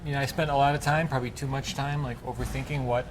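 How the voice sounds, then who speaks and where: A man's voice: mid-range voice, steady tone, quick pace. Chef guest: a man with a mid-range voice, chatty and eager, faint room hiss behind him. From United States. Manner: chatty, enthusiastic, rambling with fillers. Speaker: chef and restaurateur. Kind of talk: casual interview chat. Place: restaurant. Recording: faint background noise.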